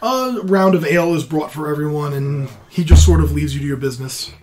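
A woman's voice: deep voice, brisk, darkish tone, slight background noise. An older woman narrating as dungeon master of a tabletop game in a chatty way, laughing often. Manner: chatty, laughs often, plays innkeeper lines.

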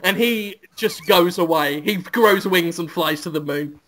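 Comic podcaster, high bright voice, keeps laughing at his own tale. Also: a little slow. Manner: giggly, absurd deadpan pitch. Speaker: podcast co-host. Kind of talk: comic storytelling.

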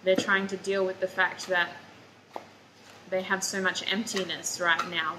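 A woman's voice: mid-range voice, background noise. A woman giving a casual tarot reading to her viewers, talking in a chatty, drowsy way and saying she is sleepy and foggy-headed. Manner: chatty, drowsy, talks to viewers as "you guys". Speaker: tarot reader.

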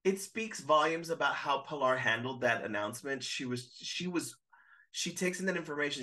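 A man talking as a podcast guest in casual recap chat, emphatic and quick to quote his own reactions. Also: on the high side, expressive, pushed and bright.

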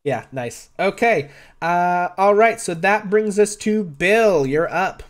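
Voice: mid-range voice, lively intonation, slow. A game master running a streamed tabletop game, upbeat and chatty, tossing in little sound effects. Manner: playful, makes sound effects.

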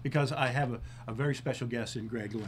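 A man's voice: mid-range voice, quick pace, a little hiss or hum. A man hosting his own TV talk show, chatting casually and a bit self-deprecatingly, sometimes out of breath. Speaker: TV show host.

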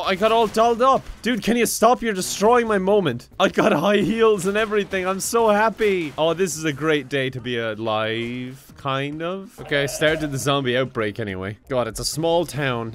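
A man's voice: on the high side, fairly bright tone, a little hiss or hum. A man giving comedic gameplay commentary with sarcastic jokes and frequent laughs. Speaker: gaming YouTuber.

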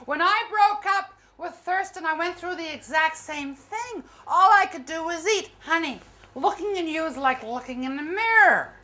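A woman's voice: very high voice, animated, normal speed, pushed and bright, heavily acted. A woman doing a gushing, melodramatic girlfriend.

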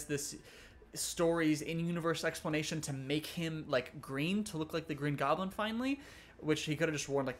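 A young man giving a rambling, exasperated casual review of an animated series, full of fillers. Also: a little high. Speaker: YouTube reviewer.

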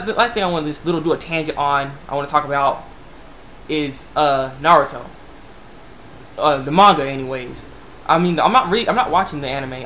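A young man vlogging casually, rambling with frequent stammers and restarts, breaking into quick excited bursts. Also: a little high, slight background noise. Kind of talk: casual opinion rant to camera.

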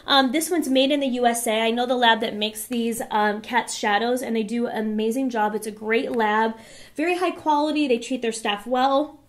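A woman beauty vlogger chatting through a product review in a hoarse voice, enthusiastic and chatty. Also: fairly high pitch, normal speed. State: hoarse, losing her voice.

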